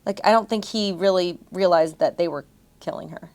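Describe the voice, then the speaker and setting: A woman's voice: lowish voice, moderate pace, darkish tone. Chatty woman podcast co-host. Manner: chatty, puts on voices when quoting. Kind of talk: casual chat.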